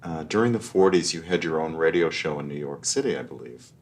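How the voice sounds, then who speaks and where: Very deep-voiced man interviewing. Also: animated, brisk. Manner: polite, hesitant, stumbling on words. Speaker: interviewer, radio host. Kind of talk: interview questions.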